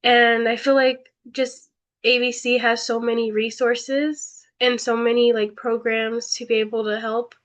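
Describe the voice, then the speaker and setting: A woman's voice: a little high, flat delivery, unhurried. A young woman student on a panel, telling her story hesitantly with many fillers over a video call. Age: young adult. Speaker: community college student panelist.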